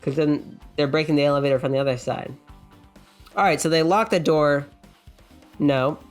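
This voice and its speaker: Woman, let's play commentary, low voice, reads dialogue aloud, faint music under it. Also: steady tone, moderate pace. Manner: thinks aloud, reads character lines in a plain voice. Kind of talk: casual game commentary reading dialogue aloud.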